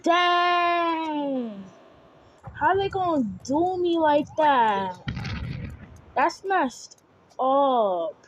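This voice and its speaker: A young woman recording herself playing a game, talking to viewers and shouting and screaming as she plays. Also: high-pitched, animated, very slow, long pauses, muffled recording. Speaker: gaming video creator. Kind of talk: live gameplay commentary. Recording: faint background noise.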